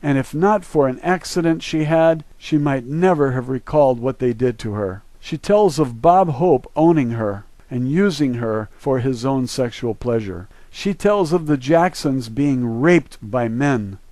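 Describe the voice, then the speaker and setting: A man's voice: medium pitch, unhurried, few pauses, mellow, no room sound. A man from the northern United States giving an emphatic, opinionated monologue, urging his viewers on. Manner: emphatic, preachy, urging listeners. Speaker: online video host.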